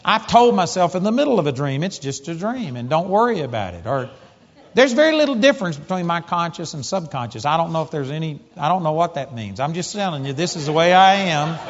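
A man preaching a sermon, telling a personal story with animated, rising emphasis as he gets excited. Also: fairly high pitch, quick pace. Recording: muffled sound with long hall reverb.

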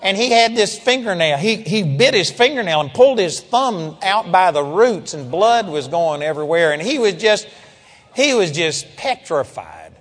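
A man preaching, telling a story in an animated, emphatic way and calling out amen. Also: high voice, normal speed, big-room sound. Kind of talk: storytelling sermon.

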